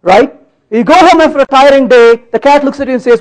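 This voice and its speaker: In a conference hall, a man with an extremely high-pitched voice gives a talk while live-coding, speaking briskly. He teases the audience playfully and keeps checking that they're following along, though the audio quality is poor.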